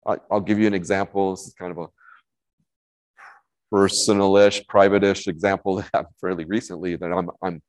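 A man's voice: on the low side, low-quality recording. A man preaching a conversational sermon, talking in a casual, rambling way with many fillers and restarts. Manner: casual, rambling, with frequent fillers and self-corrections. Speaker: Bible college teacher preaching.

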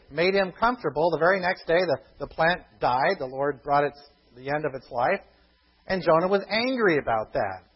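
Husky higher-voiced man preaching a sermon. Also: dull audio. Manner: animated storytelling, acts out the characters' thoughts.

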